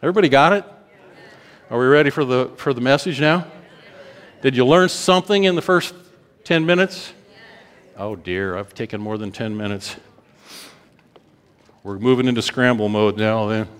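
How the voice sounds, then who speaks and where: A man preaching a sermon, reading scripture aloud with slow, drawn-out emphasis and lively swings in delivery. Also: medium pitch, clear, resonant tone. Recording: long hall reverb.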